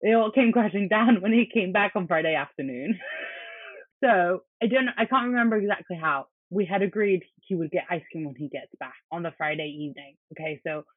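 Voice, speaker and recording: British woman, husky-ish voice, dry jokey chat, sounds like a phone line. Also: on the low side, a little fast, no room sound. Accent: British English. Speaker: podcast co-host. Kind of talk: casual chat.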